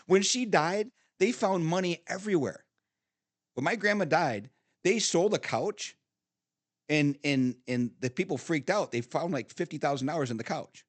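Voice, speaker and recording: Middle-aged man, podcast guest, salty animated storyteller, dry close studio sound. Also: a little high, normal speed, no room sound. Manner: animated storyteller, swearing, frequent laughs and restarts. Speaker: podcast guest, father of the host. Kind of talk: casual storytelling chat.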